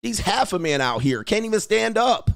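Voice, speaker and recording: Loud mocking man ranting. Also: high-pitched, sing-song, moderate pace, vocal fry, dry recording, clean studio sound. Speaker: online dating coach host. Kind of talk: livestream rant.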